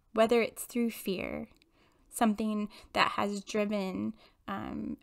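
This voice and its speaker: A woman in her forties tells a personal story in a relaxed, chatty monologue. Her voice has a gravelly, creaky edge at a middle pitch. She talks candidly and laughs now and then. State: emotional. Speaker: podcast host and intuitive medium.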